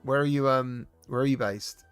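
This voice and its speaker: A man's voice: medium pitch, fairly even intonation, normal speed, clean tone, soft background music. A British man live-streaming about VR gaming, chatting casually and greeting viewers by name, with lots of fillers and restarts.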